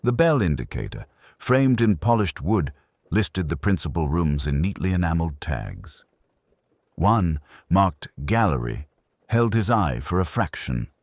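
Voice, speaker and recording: Man, audiobook mystery narrator, deep voice, dry close sound. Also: dry recording. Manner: measured, expressive storytelling.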